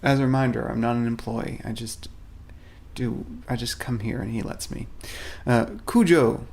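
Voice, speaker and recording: Gravelly, playful stand-in host man. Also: mid-range voice, level tone, normal speed, darkish tone, slight background noise. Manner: playful, rambling, self-mocking, greets viewers by name. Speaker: stand-in host of a miniatures studio's weekly update. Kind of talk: casual product showcase, chatting to live viewers.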